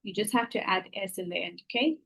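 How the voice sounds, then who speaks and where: A woman's voice: mid-range voice, fairly quick, gravelly, fairly bright tone, husky, rough recording. A woman teacher patiently explaining grammar rules, stopping often to check that the students are following. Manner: patient, repeats "okay?" to check understanding.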